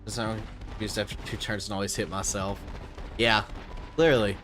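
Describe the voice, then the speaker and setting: A man chatting casually on a game stream, thinking aloud with lots of fillers and letting his phrases trail off quietly. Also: fairly low pitch, steady tone, moderate pace, music in the background. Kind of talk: casual gaming livestream chat.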